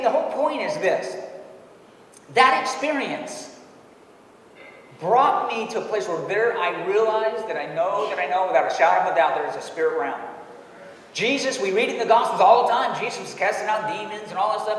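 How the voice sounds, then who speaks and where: A man preaching a sermon in a church and telling a personal story, dropping his voice low for quoted lines and laughing often. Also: animated, normal speed, a bit bright, slight background noise. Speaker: pastor. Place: church sanctuary. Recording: echoey hall, distant mic.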